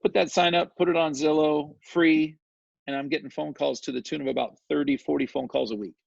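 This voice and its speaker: Gravelly, chatty man telling a story. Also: on the high side, brisk, no room sound. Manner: animated, chatty, often asks "right?". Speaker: guest, real estate developer. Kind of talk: casual storytelling interview. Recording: dull lo-fi recording, dry.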